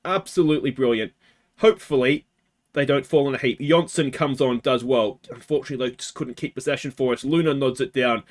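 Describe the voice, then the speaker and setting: An Australian man hosting a let's play, talking casually through a game and swinging from quiet muttering to anguished shouts. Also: mid-range voice, fairly even intonation, brisk.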